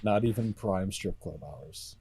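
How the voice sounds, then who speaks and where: A man's voice: sits low, unhurried, warm tone, slightly rough, no room sound. A young man co-hosting a podcast, recounting a story in casual slangy chat, piling on vivid details. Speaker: podcast co-host.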